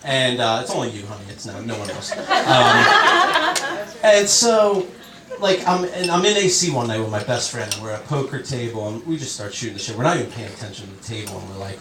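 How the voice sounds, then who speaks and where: A man's voice: mid-range voice, lively intonation, a little fast, distant mic, noisy background. A man doing a stand-up comedy set on a club stage, telling stories conversationally and acting out the people he quotes. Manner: conversational storytelling, acts out quotes. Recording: roomy club sound from off-mic. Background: audience laughter.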